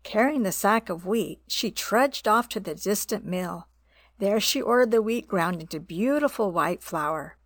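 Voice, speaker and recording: A woman reading a children's story aloud in a gentle, expressive way. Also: mid-range voice, a little slow, dry recording. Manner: gentle, expressive reading with voiced animal parts.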